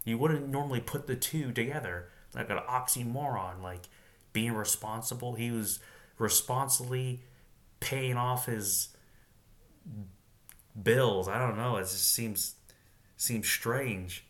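A man's voice: medium pitch, measured pace, fairly bright tone. A man reading Bible passages aloud and stopping to muse on them, chuckling often as he comments.

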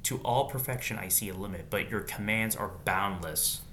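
A man's voice: lowish voice, moderate pace, pushed and bright, slight background noise. A man reading Bible verses aloud in a casual way, breaking off now and then with slangy comments of his own.

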